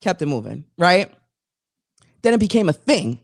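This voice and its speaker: Animated woman telling a rambling story. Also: fairly low pitch, normal speed, gravelly, no room sound, studio quality. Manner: animated, rambling, restarts stories. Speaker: co-host. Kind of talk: casual chat, storytelling.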